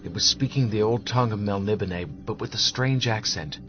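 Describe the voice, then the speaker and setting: A man reading fantasy narration in a measured, steady way. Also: lowish voice. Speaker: audiobook narrator. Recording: dull lo-fi audio with music behind.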